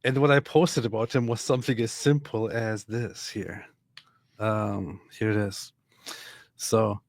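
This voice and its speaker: A man co-hosting a podcast, telling an anecdote in casual chat, animated and acting out what others said. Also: on the low side, unhurried, gravelly, no echo, clean studio sound. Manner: animated, acts out quotes, frequent restarts. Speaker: podcast co-host.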